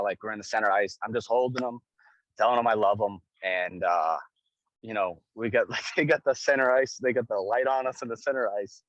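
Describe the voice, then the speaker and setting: A young man with a low, deep voice tells a game story in loose, casual speech. He gets swept up, swears freely and repeats himself for emphasis. The recording is dry and close, with little room sound. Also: fairly quick, dry recording, lo-fi sound. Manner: excited, swears, repeats phrases. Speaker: guest, pro hockey goaltender.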